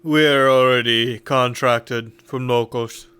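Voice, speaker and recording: A man voicing a gruff, terse male caravan leader with clipped, broken phrasing. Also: medium pitch, steady tone, slow pace, pushed and bright. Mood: curt.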